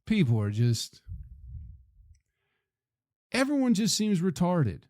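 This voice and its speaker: A man's voice: high-pitched, huge pitch swings, slow pace, a little mellow, dry recording, studio quality. Rambling, profane man telling a story. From Flint, Michigan. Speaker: podcast host, comedian.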